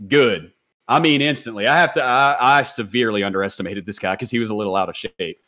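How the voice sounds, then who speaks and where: A man telling a story as a podcast guest in a casual, animated way, swearing freely and talking in slang. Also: lowish voice, fast talker.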